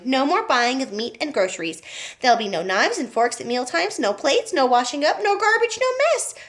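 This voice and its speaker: A woman voicing an eccentric, boastful male candy inventor in a storybook reading, in an excited and proud tone. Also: high voice, pitched above the performer's own voice.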